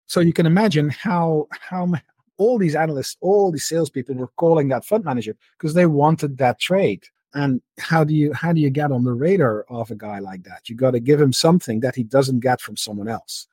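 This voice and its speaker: A man's voice: on the high side, fairly quick, darkish tone, slightly rough, dry recording. A man in a casual interview, explaining markets at length and often repeating words as he thinks. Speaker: interview guest, market analyst.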